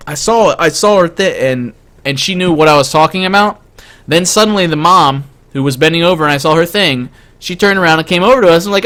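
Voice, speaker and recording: A man streaming, telling a story casually in an excitable way, stammering and packing in fillers. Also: a little high, fast talker.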